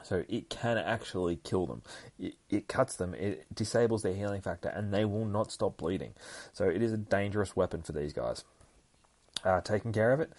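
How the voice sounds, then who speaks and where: A podcast host with a low, slightly mellow male voice recaps a comic book issue at normal speed, with no echo on the recording. His talk is casual and constantly profane, and he acts out the fight sound effects himself.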